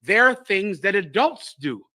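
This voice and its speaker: A man's voice: high-pitched, sing-song, slow, sharp tone, no room sound. A man teaching scripture to a group, lecturing emphatically and acting out the voices he quotes. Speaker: religious teacher.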